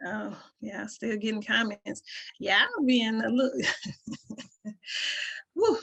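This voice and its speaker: On a lo-fi recording, a woman with a Southern country twang from the rural US hosts a casual community call, checking in with "right?" a lot and laughing at times. She speaks slowly, animated and on the high side, with vocal fry and a fairly bright tone.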